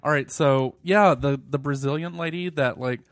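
Joky laid-back podcast guy, kinda gravelly, dry close mic. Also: a little high, normal speed, dry recording. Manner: laid-back, joking, crude. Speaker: podcast host. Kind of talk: casual chat.

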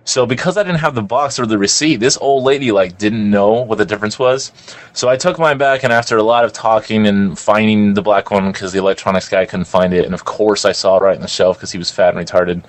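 A man's voice: lowish voice, brisk. A young man telling a rambling, crude story in casual chat, full of "like".

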